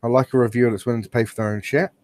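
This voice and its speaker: A man's voice: mid-range voice, steady tone, very fast, a little mellow, no room sound. A man co-hosting a podcast, joking, laughing often and rambling through stories. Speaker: podcast co-host. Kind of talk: casual chat. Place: at home on an online call.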